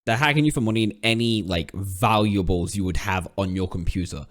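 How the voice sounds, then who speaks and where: A man's voice: low voice, a little fast. A young man co-hosting a podcast, joking sarcastically in casual chat and swearing freely. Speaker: podcast co-host.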